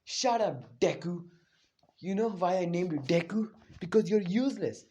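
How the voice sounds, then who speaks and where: A man voicing a hot-tempered young male bully who shouts and mocks with a raised, louder voice in a fan story retelling. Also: sits high, expressive, normal speed, pitched above the performer's own voice. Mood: taunting. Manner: shouting, mocking laughter. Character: hot-tempered boy bully, sneering and loud.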